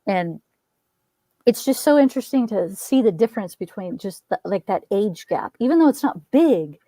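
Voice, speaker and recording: A woman's voice: mid-range voice, animated, normal speed, mellow, dry recording. A woman in her thirties in a casual chat, rambling and chatty, laughing and swearing. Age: 30s. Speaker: co-host.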